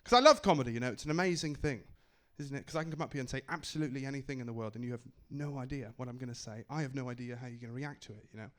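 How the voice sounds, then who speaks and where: A man's voice: medium pitch, rapid-fire, few pauses, a bit bright. A young man performing a stand-up comedy set in a wry, self-deprecating way on a club stage.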